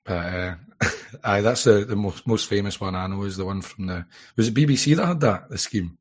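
A man's voice: lowish voice, normal speed, slightly rough. A Scottish man in casual chat, making dry jokes. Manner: dry joking.

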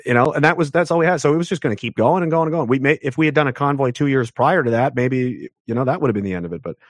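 A man from Canada talks at a rapid clip as an interview guest, hammering his points home in a heated rant. His voice leaps upward whenever he stresses something. The sound is dry and close, with no room around it. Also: no echo. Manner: emphatic, ranting, pitch jumps up sharply for emphasis.

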